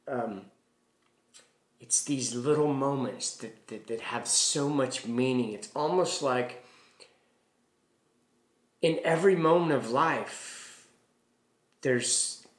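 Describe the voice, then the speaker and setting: A man's voice: medium pitch, slow pace, long pauses. Rambling man in an echoey room. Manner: rambling, many fillers and restarts. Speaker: healing practitioner. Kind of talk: casual storytelling to camera.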